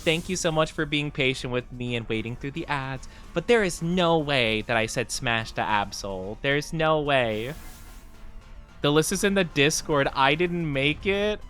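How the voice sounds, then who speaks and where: Chatty male game streamer, animated pitch, faint background music. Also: measured pace. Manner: lively, playful, chatty with viewers. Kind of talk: casual gaming stream chat.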